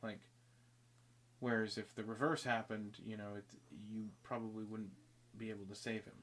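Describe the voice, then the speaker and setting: A man's voice: fairly low pitch, level tone, moderate pace, fairly bright tone. A man telling a long story in casual podcast chat, rambling and restarting, acting out both sides of the conversation. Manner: rambling, self-interrupting, acts out both sides of dialogue.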